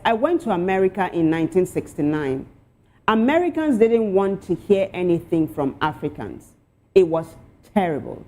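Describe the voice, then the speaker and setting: A woman hosting a talk show, reading out social media posts with lively asides. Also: mid-range voice.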